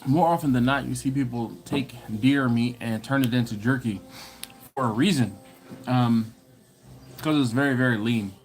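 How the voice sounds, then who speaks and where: Faint music plays behind a man hosting a barbecue livestream, where he chats loosely and reads out viewer comments. Medium-pitched and moderately paced, he's laid-back and slangy, laughs a lot, and has a cough and a runny nose.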